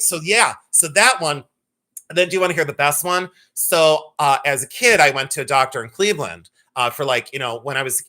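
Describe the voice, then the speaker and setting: Lively, bright-voiced man in his fifties. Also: a little high. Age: 50s. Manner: chatty, rambling storyteller addressing viewers by name. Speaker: live jewelry sale host. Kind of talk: casual live-stream chat and storytelling.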